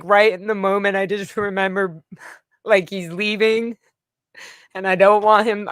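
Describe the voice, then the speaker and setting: Woman vlogger, mid-range voice, smooth and clean, dry close recording, casual rambling storyteller. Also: mid-range voice, fairly bright tone, no echo. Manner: rambling, emotional retelling with frequent "like" fillers. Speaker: vlogger recounting a personal event.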